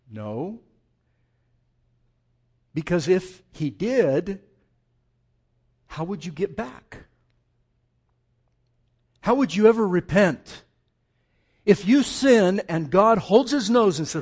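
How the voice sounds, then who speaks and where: A male pastor preaching a sermon in a conversational, animated way, asking his listeners rhetorical questions and often restarting his sentences. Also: sits high, slow pace, pauses often, husky.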